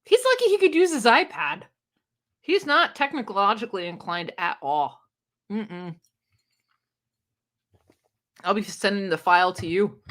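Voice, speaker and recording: A woman's voice: medium pitch, lively intonation, unhurried, long pauses, fairly bright tone. A woman hosting a casual live stream, reading viewers' comments aloud and chatting with them, laughing often. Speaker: booktube live-stream host.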